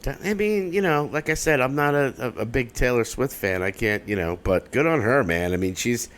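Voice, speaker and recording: A man's voice: animated, moderate pace, fairly bright tone. A man co-hosting a podcast in casual chat, jokey and laughing often. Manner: jokey, laughs often, swings his pitch widely. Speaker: podcast co-host.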